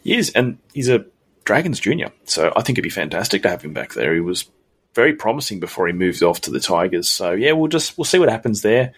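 A man's voice: on the low side, very animated, fast, husky. A man, co-hosting a sports podcast, steadily leading the segments and the news. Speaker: podcast co-host. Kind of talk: casual sports chat.

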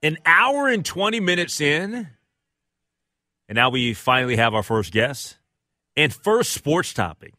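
Male radio host, bright forceful tone, dry studio sound, easygoing and agreeable. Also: measured pace, long pauses, no echo. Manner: conversational, agreeable, rises in pitch when excited. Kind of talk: casual radio talk.

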